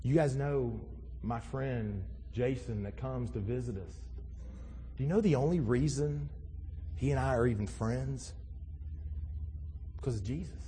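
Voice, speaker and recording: A man's voice: mid-range voice, unhurried, pauses often, dark tone, soft background music. A middle-aged man preaching a sermon as a pastor, in a conversational storytelling manner that rises to emphatic passages. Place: church sanctuary. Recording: long hall reverb.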